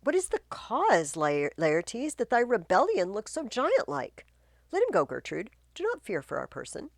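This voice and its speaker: A woman's voice: mid-range voice, wildly swooping pitch, moderate pace, no echo, studio quality, pitched above the performer's own voice. A woman reading the part of an anxious, scheming king in commanding declaimed verse.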